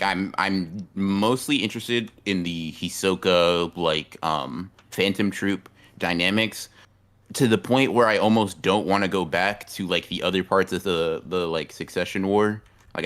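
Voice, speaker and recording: A young man with a low, bright-edged voice talks through a casual podcast chat. He rambles, restarts and drops slang as he goes. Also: measured pace. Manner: laid-back, rambling, lots of fillers and slang. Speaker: podcast co-host.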